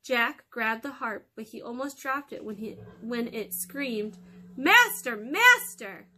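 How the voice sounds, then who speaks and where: A woman hosting storytime for children, reading a fairy tale aloud in a lively, expressive way. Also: a little high, measured pace, slight background noise.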